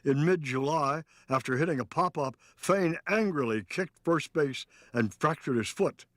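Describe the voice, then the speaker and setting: A man's voice: a little high, expressive, no echo. Man narrating a sports history documentary. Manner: measured, storytelling delivery. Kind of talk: scripted narration.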